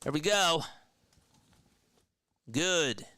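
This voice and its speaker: Bright, crisp-voiced man calling baseball. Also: drawn-out words, dry recording. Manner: energetic, chats with viewers between pitches. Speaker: play-by-play streamer. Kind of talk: live baseball play-by-play with chat banter.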